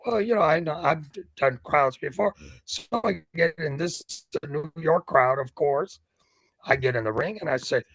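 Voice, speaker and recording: An older man with a gravelly, husky voice, a ring announcer telling stories as an interview guest and acting out the scenes. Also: on the high side, moderate pace, dry recording, low-quality recording. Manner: lively storyteller who acts out scenes. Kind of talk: animated anecdote telling.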